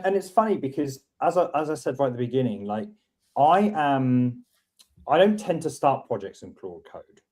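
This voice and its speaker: Rambling man, mellow voice. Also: medium pitch. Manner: rambling, restarts often, thinking aloud. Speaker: host teaching coding. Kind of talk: casual screen-share chat.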